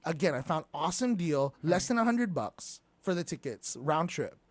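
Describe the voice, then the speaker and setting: A middle-aged woman hosting a morning radio show, telling a funny story in an animated, slangy way. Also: low-pitched, normal speed, no room sound. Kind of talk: casual radio chat, storytelling. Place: radio studio. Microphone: studio microphone.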